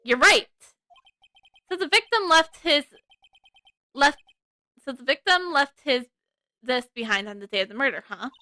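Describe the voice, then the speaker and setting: A woman's voice: high-pitched, measured pace, long pauses, bright, forceful tone, no room sound. A woman voicing a cheerful young female spirit medium, eager and chatty.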